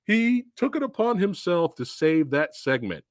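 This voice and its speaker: On a clean studio recording with no echo, a livestream host with a slightly high voice runs a relaxed Q&A at a measured pace. He tells lively stories full of laughter, acting out various characters.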